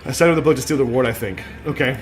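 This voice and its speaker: A man's voice: medium pitch, very fast. A man streaming a game, chatting casually and poking fun at his own attempts at voices. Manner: chatty, self-mocking, laughs at own accents. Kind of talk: casual gaming commentary. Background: faint game music.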